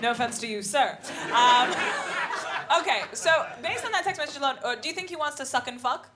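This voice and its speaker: A woman in her thirties performing a live stand-up set, animated and quick to jump into loud put-on voices. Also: sits high. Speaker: stand-up comedian. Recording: live comedy club with audible noise.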